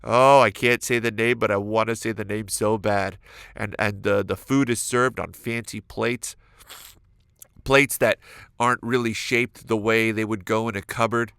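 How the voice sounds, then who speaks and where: A man hosting a solo comedic podcast, acting out imagined conversations with exaggerated, animated delivery. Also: lowish voice, a little slow, vocal fry, clean tone, no room sound, clean studio sound. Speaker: podcast host. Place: California.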